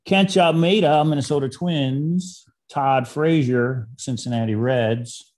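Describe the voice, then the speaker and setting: A man hosting a casual card-opening video, reading names aloud and dropping into quiet asides. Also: mid-range voice, slow. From Detroit area. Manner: reads names flatly, drops into quiet asides. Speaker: channel host.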